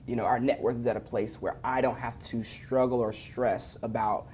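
A man's voice: medium pitch, fairly even intonation, normal speed, darkish tone, slight background noise. A man, a former pastor turned entrepreneur, talking as an interview guest in an emphatic, preacherly way with churchy affirmations. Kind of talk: casual interview chat.

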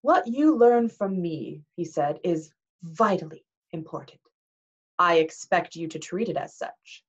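A woman reading aloud, voicing a stern, demanding older male teacher who speaks slowly and formally, on a dull recording. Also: fairly low pitch, animated, breathy edge. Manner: slow, measured, formal.

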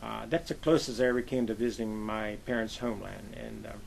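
A man's voice: lowish voice, fairly even intonation, a little fast, gravelly, a little hiss or hum, poor audio. An older man from western Pennsylvania, a navy veteran telling long rambling anecdotes in an oral history interview, full of "uh" and "I says". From western Pennsylvania, USA.

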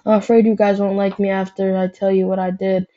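A woman's voice: mid-range voice, level tone, a little fast, mellow, highs cut off, natural voice. A woman voicing a young male fox cub in a storybook, earnest and tearful as he pleads. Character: young male fox, fibbing then remorseful.

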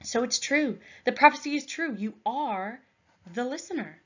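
A woman's voice: fairly high pitch, animated, moderate pace, slightly rough, muffled recording, pitched above the performer's own voice. Scornful, guarded clan girl, read by a woman; cool and clipped. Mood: alarmed.

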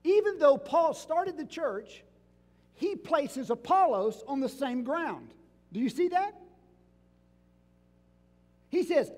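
A male pastor with a strikingly high, lively voice preaches slowly and deliberately, pressing his congregation with rhetorical questions. His voice rings out with a long reverb from the sanctuary. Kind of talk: sermon.

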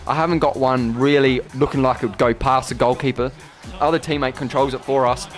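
A man commentating his own football video game career, yelling at missed chances and then muttering in defeat. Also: mid-range voice, a little fast, soft background music. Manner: excitable, swings between shouting at the game and deflated muttering. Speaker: gaming YouTuber. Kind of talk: gameplay commentary.

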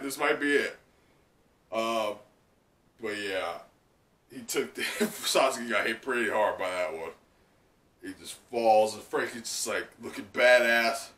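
An excitable young man giving a live reaction and recap, with a bright voice and lively swings in pitch. He sounds roomy and a little distant from the mic. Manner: excitable, many fillers and laughs. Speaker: manga reaction channel host.

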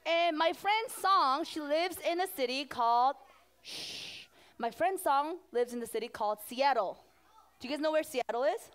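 High-voiced woman pastor talking to kids. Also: normal speed. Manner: animated, asks the children questions. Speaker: children's pastor. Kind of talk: children's sermon.

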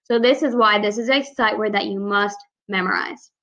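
A woman teaching first graders, speaking in a slow, clear and deliberate way as she reads aloud and goes over sight words. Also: medium pitch, fairly even intonation, a bit bright. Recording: slightly dull lo-fi recording.

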